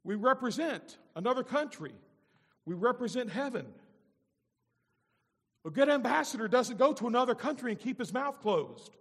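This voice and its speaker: A man preaching a sermon as pastor, moving between loud emphatic lines and soft, low-spoken asides. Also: lively intonation, moderate pace, long pauses, husky, big-room sound.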